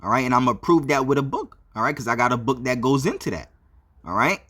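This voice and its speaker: Bright-voiced man, "all right" after every phrase. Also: medium pitch, lively intonation, fast. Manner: repeats "all right" often, with many fillers. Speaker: video commentator. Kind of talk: religious commentary on a video.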